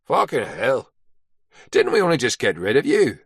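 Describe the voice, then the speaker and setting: A man doing a gruff Northern Irish sergeant major. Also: mid-range voice, wildly swooping pitch, normal speed, no room sound, studio quality, full character voice. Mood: jovial. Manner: blunt, swearing, teasing. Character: gruff Northern Irish army quartermaster, fifties, crude joker.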